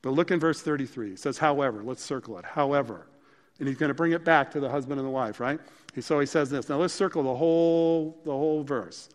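A man's voice: fairly high pitch, fast talker. A male pastor preaching a sermon in a conversational, emphatic way that mixes scripture with stories. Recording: long hall reverb.

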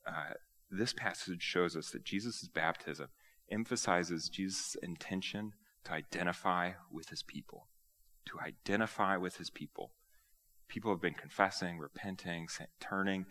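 Male pastor, low voice with a bright, forceful edge; lively sermon delivery that acts out quotes. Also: normal speed. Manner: animated, acts out quoted speech.

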